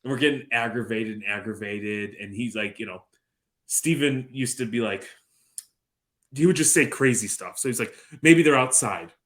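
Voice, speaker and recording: A man's voice: fairly low pitch, moderate pace, a bit bright. A man in his thirties co-hosting a podcast, chatting casually and telling long, rambling stories with dry jokes and plenty of swearing. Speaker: podcast co-host. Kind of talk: casual chat.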